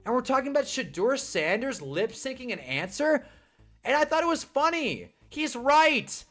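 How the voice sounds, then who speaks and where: A man's voice: very high-pitched, very animated, normal speed, a bit bright, faint music behind. A young man hosting a casual live stream, ranting about football and reading chat comments, swearing and laughing often. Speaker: livestream host reading chat.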